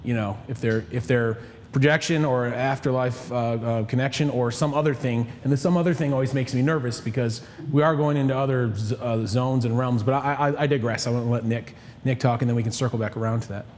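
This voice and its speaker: A man's voice: medium pitch, fairly even intonation, a little fast, a little mellow, big-room sound, a little hiss or hum. A man hosting a casual panel talk, often restarting his words and wandering into asides.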